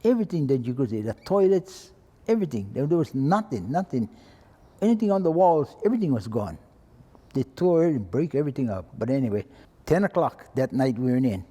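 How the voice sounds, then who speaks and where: A man's voice: mid-range voice, very animated, fairly quick, dark tone, big-room sound. A retired fire chief in his eighties with a Hawaiian Pidgin-tinged accent, telling an old story plainly and acting out the voices of people in it. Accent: Hawaiian Pidgin-tinged English. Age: 80s. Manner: plain-spoken, acts out quoted voices. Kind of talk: oral-history storytelling.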